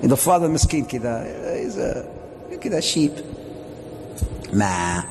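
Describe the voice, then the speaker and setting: A man, a sheikh, giving a lively mosque lecture, joking and putting questions to his audience. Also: mid-range voice, slow, background noise. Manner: jokey, asks the audience questions. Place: Islamic centre hall. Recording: long reverb of a hall.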